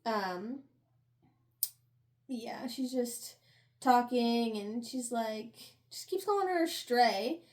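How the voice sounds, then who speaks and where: Chatty high-voiced young woman recapping a book. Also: a little mellow. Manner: chatty, laughing, slangy, acts out characters in quick asides. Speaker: book review podcast co-host. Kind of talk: casual chat recapping a novel.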